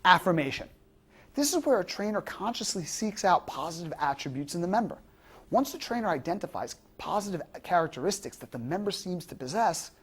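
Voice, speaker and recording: A woman's voice: on the low side, slightly rough. A woman giving an instructional lecture to fitness trainers, explaining through examples and rhetorical questions.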